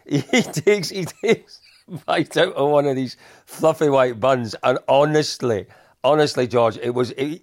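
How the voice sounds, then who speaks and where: A middle-aged man, a podcast co-host, telling animated anecdotes in casual chat with frequent laughs. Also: on the high side, measured pace, no room sound, clean studio sound.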